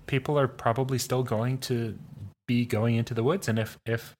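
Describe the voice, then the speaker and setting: A man's voice: medium pitch, steady tone, normal speed, darkish tone, slight background noise. A man chatting casually as a player in a tabletop role-playing game, rambling with many fillers and restarts.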